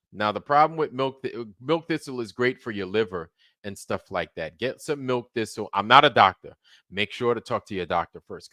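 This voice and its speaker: Bright-voiced man rambling on a late-night stream. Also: fairly low pitch, no echo, clean studio sound. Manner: rambling and joking, with swearing and slang. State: tired. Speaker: livestream host. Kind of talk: casual late-night livestream chat.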